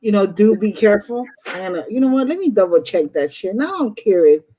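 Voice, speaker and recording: A woman's voice: medium pitch, big pitch swings, brisk, warm tone, low-quality recording. A woman reading tarot on a live stream, talking bluntly and swearing freely. She leans straight into the listener and gets fired up when something strikes a nerve. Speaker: host, tarot reader.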